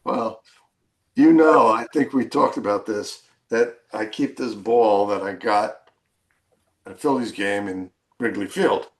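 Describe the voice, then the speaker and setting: An older man co-hosting a podcast, chatting in an easygoing way and thinking out loud. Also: fairly low pitch, measured pace. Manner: easygoing, laughs along, thinks aloud. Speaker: podcast co-host. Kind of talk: casual chat.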